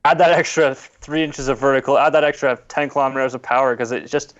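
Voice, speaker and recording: A man chatting casually as a podcast guest, relaxed and conversational. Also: mid-range voice, fast talker, lo-fi sound. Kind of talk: casual chat.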